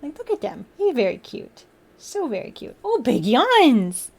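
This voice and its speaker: A young woman hosts a casual livestream in a high, sing-song voice that's unhurried, gravelly, a little mellow, and edged with breathiness. She giggles and chats with her audience, pausing to coo at her cats in baby talk.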